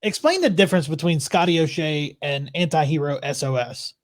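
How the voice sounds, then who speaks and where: Guy hosting a chill podcast interview, friendly, voice on the higher side. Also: animated, a little fast. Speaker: podcast host. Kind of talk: casual interview chat.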